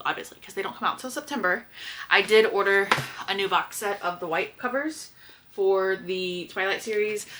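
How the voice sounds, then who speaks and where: A woman's voice: medium pitch, bright, forceful tone, a little hiss or hum. A woman, chatting to camera in a casual book vlog, gushing and correcting herself as she goes. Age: late 20s. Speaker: book vlogger.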